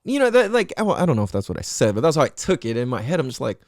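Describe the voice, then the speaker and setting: A young man hosting a podcast, telling a personal story in a casual, animated way, full of street slang, swearing and fillers like "like" and "you know". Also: mid-range voice, very fast, dry recording, studio quality. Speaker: podcast host.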